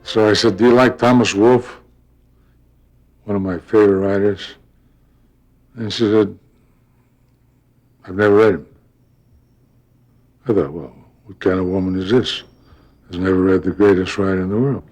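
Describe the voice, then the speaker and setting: An older actor telling stories from his career in an interview, lively and acting out the voices of people he quotes. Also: deep voice, moderate pace, long pauses. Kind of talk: storytelling interview.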